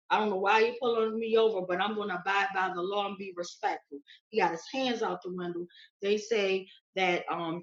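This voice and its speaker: A woman's voice: mid-range voice, dull audio. A woman guest giving urgent, emotional testimony in an interview, pleading and repeating phrases. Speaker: interview guest, victim's sister.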